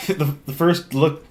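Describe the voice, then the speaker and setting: A man co-hosting a live stream, teasing his friend with dry interjections. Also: fairly high pitch. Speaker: co-host. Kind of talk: casual live-stream chat.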